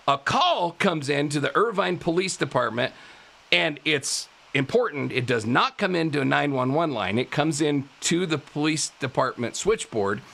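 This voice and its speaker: Bright, gravelly-voiced man telling a story. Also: on the high side. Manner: animated, laughs often, stumbles over words. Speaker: podcast host. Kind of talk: casual true-crime storytelling. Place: live podcast studio.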